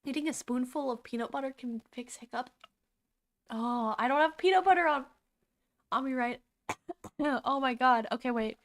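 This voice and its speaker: A young woman streaming casually, chatty and excitable, swearing freely, suffering from hiccups. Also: high voice, normal speed, long pauses. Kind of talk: casual livestream reaction.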